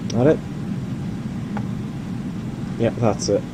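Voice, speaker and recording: A man's voice: mid-range voice, extremely slow, heavy background noise. A man from Ireland giving casual, rambling commentary while playing a flight simulator, thinking aloud and poking fun at himself. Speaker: gaming video host.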